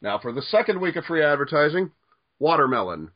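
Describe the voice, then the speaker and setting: A man's voice: on the high side, animated, quick pace, dull audio. Playful Southern American male host. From southern United States. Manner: playful quiz-master teasing. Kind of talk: casual chat.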